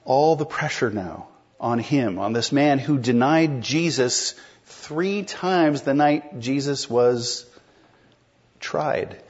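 A man's voice: mid-range voice, lively intonation, slow, husky, dull audio. A man preaching an expository sermon in a conversational way, explaining a text and putting questions to the congregation. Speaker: pastor.

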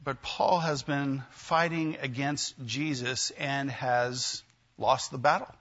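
A man's voice: medium pitch, fairly even intonation, slow pace, fairly bright tone, highs cut off. A man preaching a sermon in a conversational way, often asking his listeners questions. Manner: conversational, asks the congregation questions. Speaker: pastor.

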